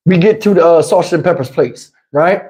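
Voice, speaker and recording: A man's voice: fairly high pitch, brisk, mellow. A middle-aged man telling a story in casual chat and acting out the other people's voices. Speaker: storyteller host.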